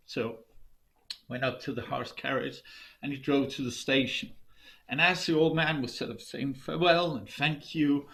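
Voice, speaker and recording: A man telling a folk tale over a video call, dramatic and shifting between loud and hushed delivery. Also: mid-range voice, moderate pace, gravelly. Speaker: storyteller. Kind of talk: oral folk storytelling.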